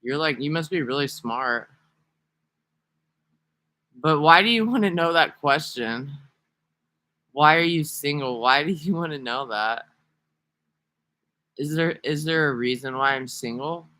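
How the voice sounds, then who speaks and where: A man's voice: fairly high pitch, a little slow, pauses often, bright, forceful tone, dry recording. A man talking casually to camera in a rambling, profane, sarcastic vlog monologue. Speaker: vlogger.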